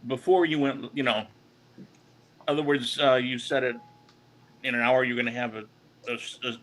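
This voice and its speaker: A man's voice: medium pitch, steady tone, fairly bright tone, poor audio. A man chatting casually as a guest on a live stream, stumbling over his words and teasing the host. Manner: halting, fumbling for words, teasing and laughing. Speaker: chat guest. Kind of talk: casual chat.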